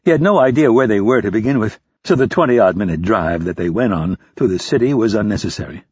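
Husky male audiobook narrator. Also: lowish voice, quick pace, no echo. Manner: steady, expressive reading. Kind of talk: scripted thriller narration. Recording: dry, slightly dull lo-fi.

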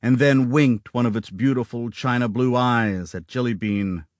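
A man narrating an audiobook in a steady, dramatic storytelling manner, close to the microphone. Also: mid-range voice, normal speed, no echo.

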